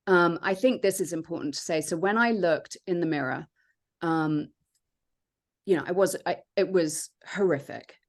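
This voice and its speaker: A woman, a podcast guest, telling her own story in an earnest, reflective way with many pauses and fillers. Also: fairly low pitch. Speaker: podcast guest, transformation coach. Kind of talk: personal storytelling in conversation.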